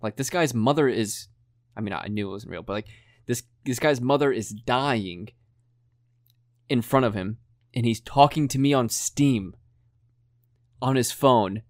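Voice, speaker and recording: A man, a streamer, casually telling a story on a podcast, animated, acting out quotes with lots of "like" and some swearing. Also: mid-range voice, unhurried, pauses often, dry recording, studio quality.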